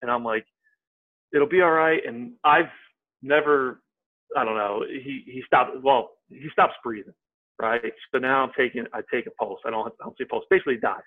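A man, a podcast guest, telling a story in a casual, animated way and acting out what people said. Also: medium pitch, normal speed. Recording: tinny phone-like line.

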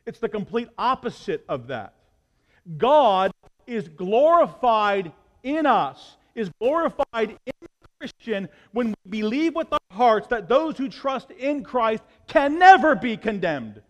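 A man preaching a passionate sermon as pastor, swinging between loud appeals and hushed asides. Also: sits high, in a large hall.

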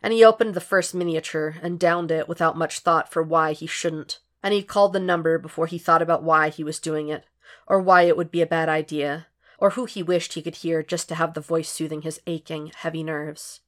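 Woman reading a story, low voice. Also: steady tone, fairly quick, a bit bright. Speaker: audiobook reader. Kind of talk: fan fiction audiobook narration.

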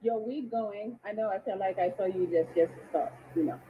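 A woman's voice: mid-range voice, moderate pace, phone-quality sound, a little hiss or hum. A woman hosting a live dating show, chatting and greeting viewers by name. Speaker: livestream dating show host. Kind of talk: casual livestream hosting.

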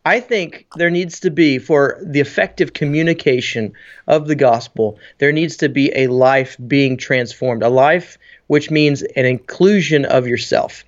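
A man who is a pastor and podcast co-host, talking in an energetic, joking way. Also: medium pitch, a little slow, highs cut off. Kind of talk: podcast conversation.

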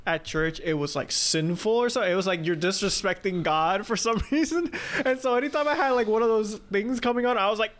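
High-voiced young man, teasing. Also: a little fast, hardly any pauses, fairly bright tone. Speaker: podcast co-host. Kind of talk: casual chat.

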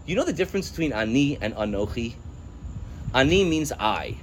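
A man's voice: mid-range voice, lively intonation, normal speed, a little hiss or hum. A man teaching a class on scripture, emphatic, weaving quoted verses into his explanations and laughing at his own points. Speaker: religious studies teacher. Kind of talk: text-study lecture with a class.

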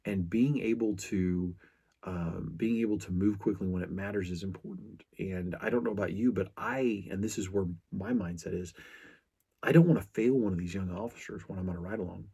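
Middle-aged male podcast host, deep husky voice, earnest storyteller. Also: moderate pace, warm tone. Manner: earnest storytelling, frequent restarts. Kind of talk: casual podcast monologue.

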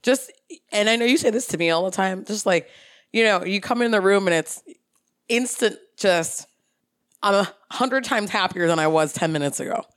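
A woman's voice: mid-range voice, normal speed, dry recording, clean studio sound. A young adult woman co-hosting a casual podcast chat, bubbly and teasing, laughing often. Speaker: podcast co-host.

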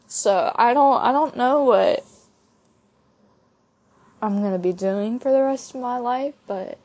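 Young woman, podcast host, tearful, halting heartfelt testimony, unhurried delivery. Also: mid-range voice. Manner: halting and heartfelt, with soft laughs. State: tearful from crying. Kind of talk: personal faith testimony.

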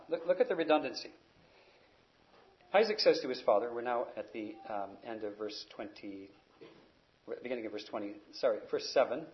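A man's voice: mid-range voice, normal speed, pauses often, highs cut off. A man preaching an expository sermon, teaching emphatically and raising his voice on key words.

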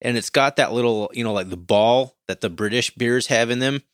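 A man's voice: medium pitch, a little fast, a bit bright, clear, resonant tone, no room sound, studio quality. A man co-hosting a casual podcast, laid-back and rambling, chuckling often as he talks. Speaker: podcast co-host.

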